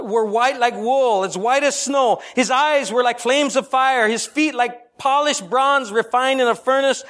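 Brief: very high-pitched male preacher, lively and chatty, leads call-and-response. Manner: animated, laughing, calls for congregation responses. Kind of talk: sermon.

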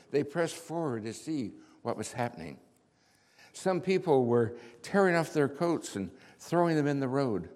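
A man acting as the apostle Peter, telling his story in a heartfelt first-person monologue. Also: a little high. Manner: heartfelt storytelling, rising to shouts. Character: the apostle Peter, impulsive and earnest. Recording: long hall reverb.

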